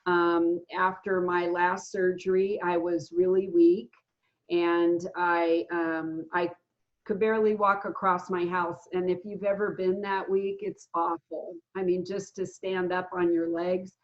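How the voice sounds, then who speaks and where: A woman in her fifties telling her own recovery story in a casual, earnest way, often pausing with fillers and restarting her sentences. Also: on the low side, level tone. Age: 50s. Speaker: guest sharing a recovery story. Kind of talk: casual spoken testimony. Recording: dull lo-fi sound.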